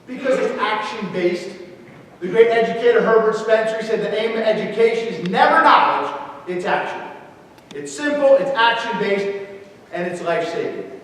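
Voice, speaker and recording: A man giving an energetic motivational talk at a school assembly, calling out to the students and acting out kids' voices. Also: high voice. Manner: animated, calls out to the audience, acts out kids' voices. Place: large school gym or auditorium. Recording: echoey hall recorded from far off.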